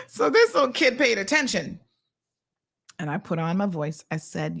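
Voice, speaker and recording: A Caymanian woman hosting a chatty show, reading out viewer comments and telling sassy, animated stories. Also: a little high, moderate pace, vocal fry. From Cayman Islands. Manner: sassy, animated storytelling with "honey child" asides. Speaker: host.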